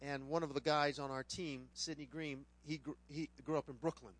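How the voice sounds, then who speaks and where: A middle-aged man, a pastor preaching a sermon, who tells funny stories with lively voices mixed into his teaching. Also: on the high side, normal speed. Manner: animated, humorous storyteller who puts on voices. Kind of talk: sermon with a personal anecdote.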